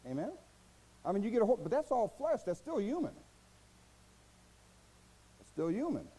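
Folksy male preacher, lively and mellow. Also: moderate pace, breathy edge, rough recording. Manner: folksy, colloquial preaching with asides and laughs; swings from low murmurs to loud, high bursts. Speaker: pastor. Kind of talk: sermon.

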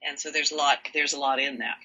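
A woman's voice: rumbling low, flat delivery, fast, bright, forceful tone, slightly rough, highs cut off. A woman talking as an interview guest, explaining her voice workshops in a reflective way with frequent fillers. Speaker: guest, voice and energy workshop leader. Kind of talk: casual interview chat.

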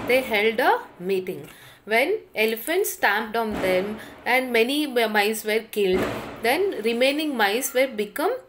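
Lively Indian English woman teaching. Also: fairly high pitch. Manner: repeats and rephrases phrases, explains word meanings. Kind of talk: reading and explaining a children's story. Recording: faint background noise and clicks.

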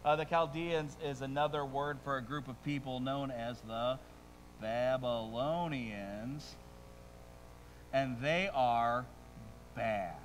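A middle-aged male pastor preaching a sermon in a playful, self-mocking way, joking with the congregation and swinging between hushed asides and loud bursts. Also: medium pitch, takes it slowly, a little hiss or hum, low-quality recording.

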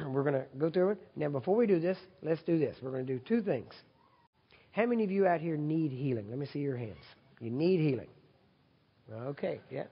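Preaching at a healing service, this man has a slightly high, gravelly, husky voice and chats with the congregation, checking for agreement as he explains what to do. His sermon is loud and emphatic, including a repeat-after-me prayer, in a large hall full of people. The audio sounds dull and carries long reverb from the hall.

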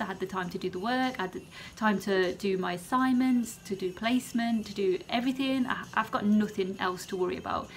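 A woman's voice: a little high, slight background noise. A young British woman, a student nurse, talking earnestly to the camera in a heartfelt vlog, repeating phrases to encourage others.

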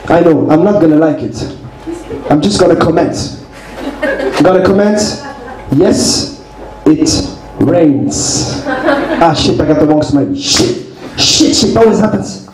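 A man performing a stand-up comedy set, with deadpan asides, on a club stage with a handheld mic and the audience laughing behind him. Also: a little high, measured pace, pauses often, crowd noise. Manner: deadpan, reads messages aloud with playful asides. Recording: echoey club with noise.

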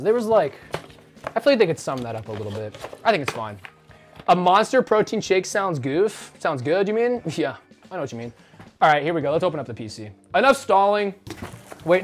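A man's voice: fairly high pitch, sing-song, a little fast. A man streaming casually, rambling and joking as he talks to his chat and swears now and then. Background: faint background music.

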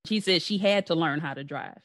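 A woman's voice: lowish voice, fairly quick. A woman hosting her own podcast, chatting casually with her brother and laughing often. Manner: laughs often, warm sign-off patter. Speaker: podcast host. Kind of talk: casual chat.

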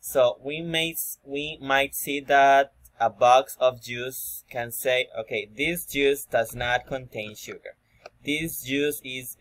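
Slow man, filler-heavy explainer. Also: medium pitch, fairly bright tone. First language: Spanish. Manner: frequent "okay" and fillers, repeats himself. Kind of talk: informal explanatory video talk.

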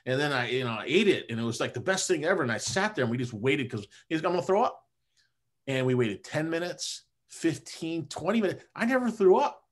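Male chiropractor guest, mid-pitched, chatty storyteller, animated and informal. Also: a little fast, hardly any pauses. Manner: animated, conversational, drops "man" and "you know" often. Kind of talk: casual personal storytelling.

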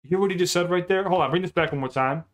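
A man's voice: high voice, heavy background noise. A man giving casual, unscripted reaction commentary on a rap video, swearing freely, hyping his viewers and stopping to explain the lines. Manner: jumps in to pause and explain the rap. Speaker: music reaction YouTuber.

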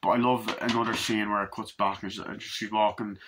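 A man reviewing a film in a casual, excited way, swearing often and acting out quoted lines, with a husky voice. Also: lowish voice, fairly quick, noisy background. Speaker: movie reviewer.

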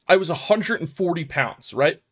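A Philly vlogger from South Philadelphia, USA, shares his own recovery story in casual personal fashion, using lively intonation at a moderate pace. His voice is on the high side and a bit bright, and he rambles profanely with fillers like "man" and "dude."

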